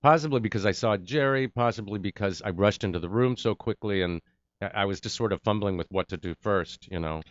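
A man's voice: fairly low pitch, fairly quick, highs cut off. A man, an actor, telling an anecdote in an interview, acting out the lines of the people in it. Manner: animated anecdote-telling with acted-out quotes. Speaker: actor and guest. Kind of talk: interview storytelling.

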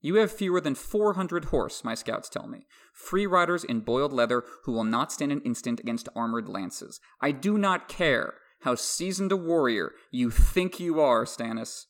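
A man's voice: medium pitch, expressive, normal speed, few pauses, a bit bright, voice pushed up, close to an everyday voice. A podcast host voicing a smug, mocking young nobleman in a dramatic novel reading, airy and boastful.

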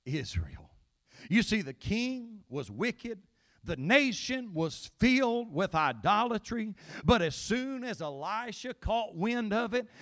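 A male pastor, preaching a sermon that swings between quiet Bible reading and shouted, pleading appeals. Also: sits high.

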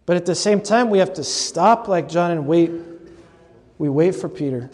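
High-voiced man lecturing in a reverberant hall. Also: animated, moderate pace, a little mellow. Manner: conversational and humorous, with asides to the audience. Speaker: lecturer and podcast host. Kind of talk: lecture on scripture. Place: large lecture hall at a convocation. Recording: long hall reverb from a live talk.

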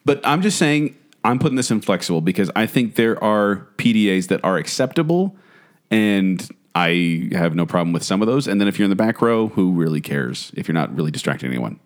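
A man's voice: low-pitched, animated, a little fast. A man co-hosting a casual chat show, opinionated and laughing often. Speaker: podcast co-host. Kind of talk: casual chat about movie etiquette.

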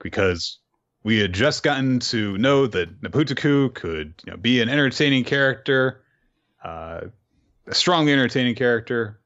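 A man's voice: medium pitch, muffled recording. A man co-hosting a podcast, recapping manga chapters in casual chat and acting out the characters' lines as he goes. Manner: animated retelling, acts out characters' lines. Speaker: podcast co-host.

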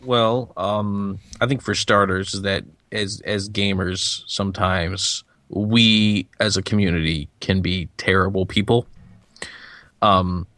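Low-voiced man rambling on a podcast. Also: fairly even intonation, slow, fairly bright tone, no room sound. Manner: rambling, many restarts and fillers. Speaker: podcast co-host. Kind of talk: casual podcast discussion.

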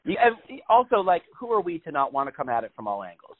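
A man's voice: fairly high pitch, sing-song, fast talker. A man chatting casually and comically as co-host, rambling and cursing a lot. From New York. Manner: joking, profane, rambling with many fillers. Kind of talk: casual comedic chat. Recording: thin phone-like sound.

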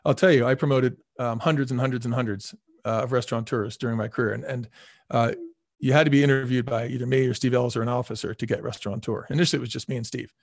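A fast-talking middle-aged man tells stories in an interview, repeating words for emphasis and acting out the people he quotes. His voice sits at a middle pitch and is recorded close and dry, with no room sound. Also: steady tone, creaky, no echo. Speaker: former restaurant chain CEO, guest. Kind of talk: casual storytelling interview.

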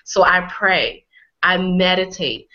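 A healing coach from Connecticut, USA, appears as a guest in a conversational interview, her voice bright and forceful but a little hoarse as she recovers from a cold. She speaks slowly at a fairly low pitch, leaning hard on words and repeating phrases for effect. The audio is slightly dull and lo-fi.

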